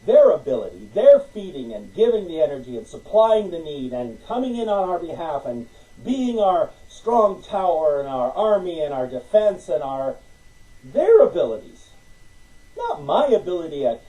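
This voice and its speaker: A man preaching a sermon in an animated way, acting out little conversations and laughing between points. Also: on the high side, moderate pace, recorded from a distance, rough recording. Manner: animated, acts out conversations with God, laughs often.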